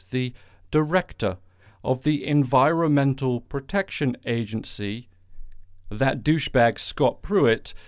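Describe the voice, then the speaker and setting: A man's voice: medium pitch, a little mellow, clean tone, dry recording, studio quality. A man hosting a solo podcast, ranting casually with sarcastic, sweary, rambling asides. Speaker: podcast host. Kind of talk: casual solo political rant.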